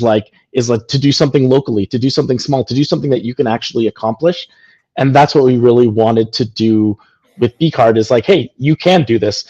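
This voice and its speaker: A man's voice: medium pitch, darkish tone. Male founder, mid voice, earnest and meandering, dull call audio. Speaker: founder being interviewed. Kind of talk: casual conversation.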